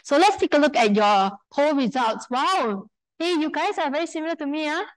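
Singaporean woman, workshop speaker, fairly high voice, lively storytelling with questions to the room. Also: normal speed, poor audio. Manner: lively storyteller, acts out quoted speech; engages audience with questions and polls. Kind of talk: live workshop talk to an audience.

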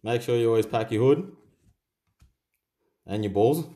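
Young australian man, casual, swearing, reading out cards fast. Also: medium pitch, dark tone. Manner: swears constantly, rattles off names. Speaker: card-opening channel host. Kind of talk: casual pack-opening commentary.

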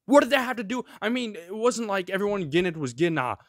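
A man's voice: high voice, big pitch swings, quick pace, a bit bright, no echo, studio quality. A man hosting his own show, ranting sarcastically through current events with one rhetorical question after another. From of Greek heritage. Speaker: show host. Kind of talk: ranting solo commentary.

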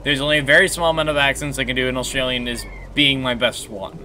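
A man's voice: mid-range voice, fairly even intonation, fast talker, sharp tone, a little hiss or hum. A man casually chatting while streaming a game, rambling and answering chat. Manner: rambling, restarts, reads chat.

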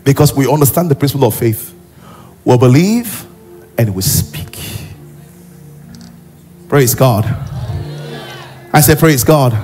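A man preaching a sermon in a church. He is animated and often acts out characters. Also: mid-range voice, slow, long pauses, soft background music, some chatter behind. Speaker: pastor.

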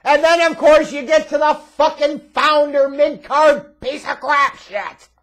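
A man's voice: very high-pitched, measured pace, a bit bright. A man reviewing a wrestling show in a profane, sarcastic, exasperated rant. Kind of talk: ranting video review.

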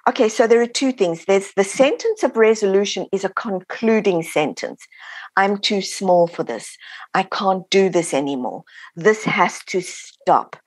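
A woman's voice: medium pitch, unhurried, breathy edge, no echo. A woman author being interviewed, explaining her ideas and acting out the voices of people she quotes. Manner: animated, acts out quoted voices. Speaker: author and guest. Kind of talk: interview answers, teaching.

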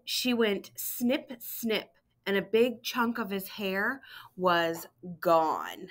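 A woman, a school counselor, reading a children's picture book aloud to students in a gentle, storytelling way. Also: mid-range voice.

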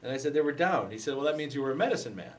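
A man telling a personal story to a group in a talk, acting out the quoted dialogue with lively energy. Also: medium pitch, very fast. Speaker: speaker giving a book talk. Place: meeting room before a live group. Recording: voice from far off the mic.

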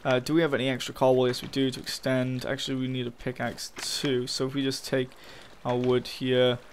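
A young gaming YouTuber provides casual, swear-heavy commentary while playing a Minecraft map, ranting in frustration about his losses. His medium-pitched voice is brisk and completely flat, with slight background noise.

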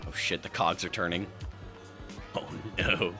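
A young man hosting a gaming video, crude and loud, swearing and laughing a lot in casual banter. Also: deep voice, level tone, measured pace, music in the background.

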